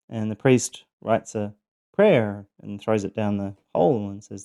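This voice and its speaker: A man's voice: on the low side, animated, unhurried, creaky, mellow, clear, resonant tone. A middle-aged man hosting a personal podcast, reflecting earnestly on recovering from abuse, with frequent ums and restarts. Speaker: podcast host sharing his survival story.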